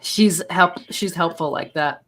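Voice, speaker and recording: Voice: mid-range voice, measured pace, pushed and bright, a little hiss or hum. A live stream co-host in casual chat, easygoing, relaying viewer comments.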